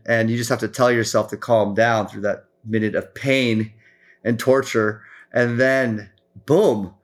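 Animated man telling stories, restarting often. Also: mid-range voice. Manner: rambling, full of restarts and fillers; animated storyteller, acts out quotes. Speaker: podcast guest. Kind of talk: casual chat.

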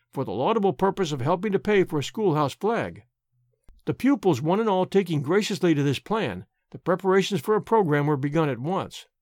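A man reading a classic novel aloud as an audiobook narrator, in an expressive storytelling manner. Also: high voice, no echo, clean studio sound. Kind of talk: scripted narration.

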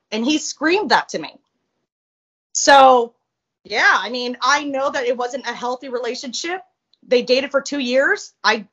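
A woman with a high voice tells a personal story in a casual interview. She is blunt and profane, with plenty of animation. The recording sounds a little muffled. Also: pushed and bright. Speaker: interview guest.

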